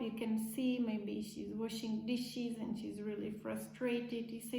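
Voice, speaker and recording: A woman teacher giving a slow, simple English lesson to young children, repeating key words. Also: on the high side, flat delivery, vocal fry, darkish tone, reverberant, slight background noise, low-quality recording.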